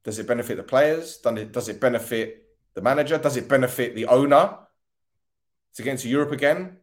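A man's voice: medium pitch, fairly quick. A man hosting a football podcast, giving a tired, frustrated post-match rant with sarcasm and swearing.

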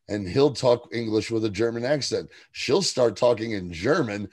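A man's voice: on the low side, animated, normal speed. A man co-hosting a podcast, chatting casually about a TV episode, laughing often and acting out lines as he recaps. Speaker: podcast co-host.

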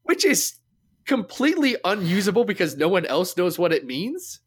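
A man co-hosting a comic book podcast, chatting casually and explaining things with quick asides. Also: high-pitched, sing-song, breathy edge. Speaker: podcast co-host. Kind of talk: casual chat.

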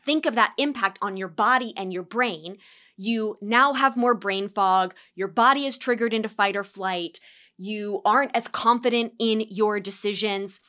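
A woman's voice: mid-range voice, moderate pace, sharp tone. A woman in her thirties hosting a solo podcast, talking earnestly and acting out sighing self-critical thoughts. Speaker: podcast host.

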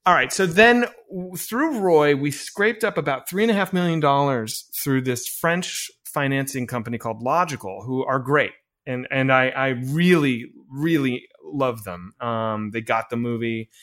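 A filmmaker telling a long story in a casual interview, full of fillers and restarts, acting out bits of dialogue. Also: male voice, mid-range voice, a little slow, few pauses. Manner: animated anecdote-telling with many fillers and restarts; acts out quoted dialogue. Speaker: filmmaker guest.

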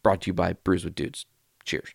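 A man hosting his podcast, telling a personal story in a casual, rambling, animated way and swearing freely. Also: deep voice, moderate pace, vocal fry, breathy edge, no echo, clean studio sound. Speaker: podcast host.

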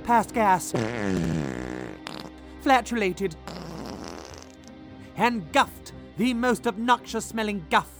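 A man narrating a comic children's story, playful and expressive. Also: high voice, slow pace, pauses often, soft background music.

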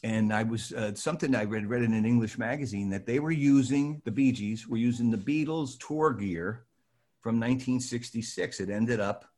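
Older man, casual storyteller, animated, mid-pitched voice, acts out quotes. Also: normal speed. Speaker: storyteller addressing a live audience.

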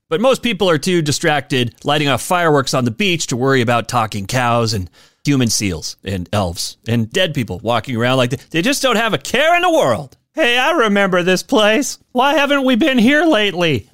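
Recorded dry and at studio quality, this solo podcast host keeps things casual, cracking jokes and chuckling at his own asides. He sounds animated, his pitch swooping high and low as he chats.

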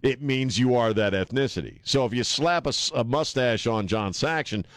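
A man's voice: mid-range voice, moderate pace, no room sound. A man hosting a talk radio show, blunt and joking, laughing often as he chats in a studio. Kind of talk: casual radio banter. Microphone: studio microphone.

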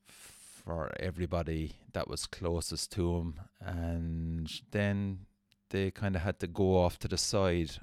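A man's voice: deep voice, smooth, no room sound, clean studio sound. A man hosting a podcast, telling a rambling, self-mocking anecdote with plenty of swearing. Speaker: podcast host. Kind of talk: casual storytelling.

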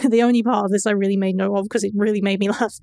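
A woman's voice: medium pitch, fairly even intonation, fast, gravelly, darkish tone, no room sound. Woman recapping a cartoon, dry sound. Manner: narrates plot recaps, laughs often. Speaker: podcast co-host recapping a cartoon. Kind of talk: casual chat.

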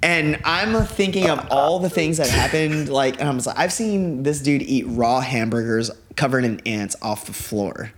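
A man telling a long story on a podcast in a loose, rambling way. He leans on 'like' constantly and keeps a middle pitch. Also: moderate pace, few pauses, a little hiss or hum. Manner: rambling, heavy use of 'like'. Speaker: podcast guest. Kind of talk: casual storytelling chat. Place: living room.

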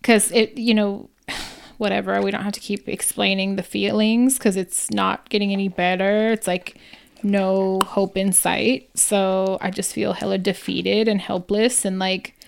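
Slangy woman with a gravelly voice. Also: mid-range voice, little pitch movement, unhurried. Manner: casual, slangy, frequent agreeing. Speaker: podcast co-host. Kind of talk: casual chat.

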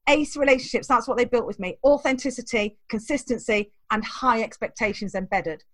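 Fast, high-voiced woman telling stories. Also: no echo. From England. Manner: animated, acts out voices in her stories, laughs often. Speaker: guest, teacher trainer. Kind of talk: storytelling interview.

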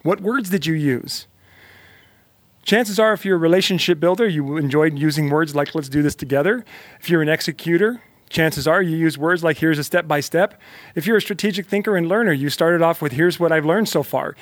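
A man speaks in an emphatic motivational monologue, repeating lines and pushing the listener to act. His voice sits a bit high. The sound is close and dry. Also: no room sound. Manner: emphatic, repetitive, fired-up; talks directly to the listener.

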